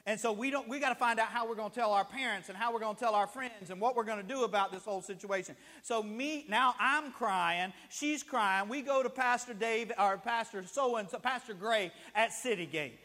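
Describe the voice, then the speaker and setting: Brisk and forceful, a high, bright male voice preaches with few pauses as a long reverb tail trails through the church sanctuary. This pastor's sermon is storytelling, acting out scenes and their people with ever-rising emotion.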